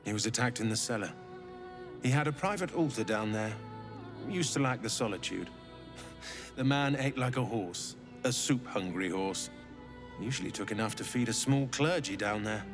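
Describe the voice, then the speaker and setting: Guy voicing a grumpy worn-out temple cook, dry flat delivery, game music loud behind. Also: lowish voice, normal speed, lightly acted. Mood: weary. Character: weary, grumbling male temple cook. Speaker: temple kitchen worker in a fantasy video game. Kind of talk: game voice acting.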